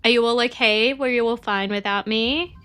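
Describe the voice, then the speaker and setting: A woman's voice: a little high, normal speed, sharp tone, clear, resonant tone. A young woman streaming a game and chatting with her viewers, with a stuffy, sniffly nose and a bubbly, chatty manner. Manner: chatty, bubbly, talks to chat. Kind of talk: casual live-stream chat.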